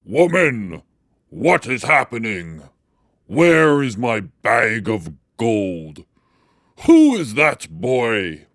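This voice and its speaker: A narrator voicing a huge, fearsome male ogre in a storybook reading for learners, booming and menacing. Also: very animated, drawn-out words, creaky, no echo, clean studio sound, exaggerated voice. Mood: gruff.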